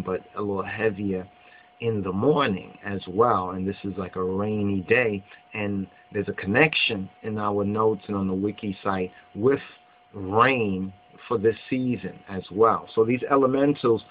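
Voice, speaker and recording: A man giving an informal religious studies lesson, rambling and restarting as he goes, recorded indoors. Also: on the low side. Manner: rambling, repeats phrases, halting with many restarts. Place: indoors on the East Coast of America. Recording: tinny phone-like audio with faint hum.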